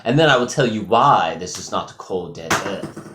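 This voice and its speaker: A man voicing a self-proclaimed Viking god from another planet, declaiming slowly and making demands, with lively pitch in an echoey room. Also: noisy background. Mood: grandiose.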